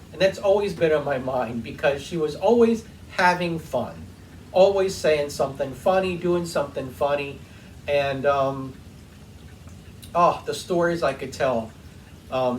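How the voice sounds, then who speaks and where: Male workshop host, slightly high voice, warm rambling storyteller, distant mic with faint noise. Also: a little slow. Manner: heartfelt, rambling, with frequent ums. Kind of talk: casual storytelling while cleaning. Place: home workshop.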